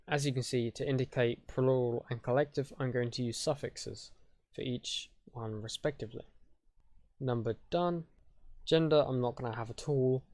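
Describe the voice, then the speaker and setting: A man walks through a language-building tutorial in a relaxed, chatty manner, often stopping to rephrase. His voice sits mid-range, and the recording is close and dry, with no room sound. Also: mid-range voice, dry recording. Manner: chatty, loose, with fillers and self-corrections. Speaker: conlang tutorial host. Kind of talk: casual explanatory tutorial.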